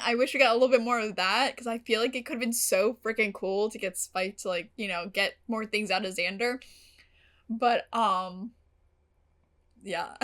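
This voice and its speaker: A young woman host giving a casual, gushing episode recap, giggling, swearing freely and jumping up in pitch when excited. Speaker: reaction channel host.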